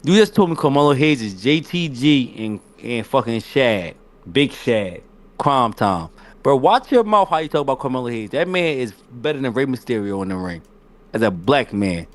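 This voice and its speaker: A man's voice: mid-range voice, sing-song, normal speed. A man co-hosting a casual wrestling podcast, arguing heatedly and interrupting with profanity. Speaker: podcast co-host.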